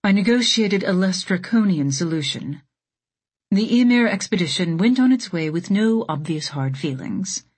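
A woman voicing a weary, guarded female space station leader in an audiobook, speaking in a flat, subdued way. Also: medium pitch, normal speed, husky. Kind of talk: audiobook character voice.

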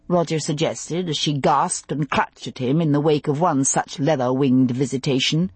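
Husky-voiced woman narrating an audiobook. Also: low-pitched, dry recording. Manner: expressive, measured storytelling. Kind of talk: scripted narration.

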